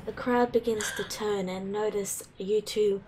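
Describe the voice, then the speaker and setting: A woman's voice: medium pitch, steady tone, unhurried, a little mellow, faint music behind, low-quality recording. A woman running a tabletop game as game master, narrating scenes and guiding players.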